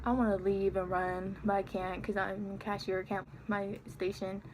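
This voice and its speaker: An eighteen-year-old woman casually telling a story on her vlog, chatty and animated as she acts out what was said. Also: medium pitch, normal speed, background noise. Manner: chatty, animated retelling with quoted dialogue. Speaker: vlogger.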